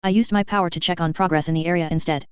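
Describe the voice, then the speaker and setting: A woman narrating a first-person audiobook in a steady, measured reading. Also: on the low side, smooth, no room sound. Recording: slightly dull recording.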